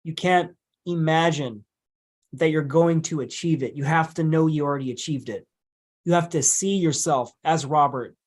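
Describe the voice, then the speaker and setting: A man's voice: a little high, normal speed. A man speaking as a podcast guest in casual conversation, emphatic and blunt, swearing casually as he makes his points.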